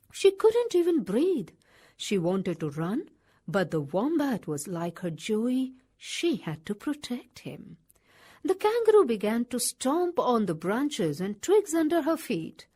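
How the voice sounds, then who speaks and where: A woman reads a children's story aloud with a high, sing-song voice that rises and falls widely. She takes her time, and her voice is a little breathy. The delivery stays expressive throughout.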